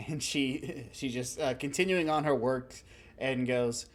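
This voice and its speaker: A man's voice: medium pitch, slow, pauses often. A man narrating a tabletop game as game master, rambling through fillers and frequent laughter.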